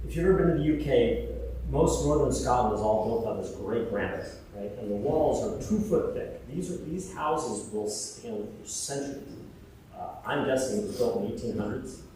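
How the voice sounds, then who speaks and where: A man's voice: mid-range voice, darkish tone, a little hiss or hum. Man giving a eulogy in an echoey hall. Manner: hesitant and fond, with many fillers. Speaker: eulogy speaker. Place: large funeral hall. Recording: echoey hall, mic far off.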